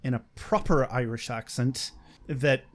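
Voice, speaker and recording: A man's voice: medium pitch, measured pace. A man co-hosting a podcast in loose, profane casual chat, laughing often. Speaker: podcast co-host.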